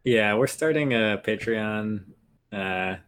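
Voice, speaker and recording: A man's voice: on the low side, slow, fairly bright tone, slight background noise. A man co-hosting a podcast in casual chat, playful and joking, laughing often. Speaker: podcast co-host.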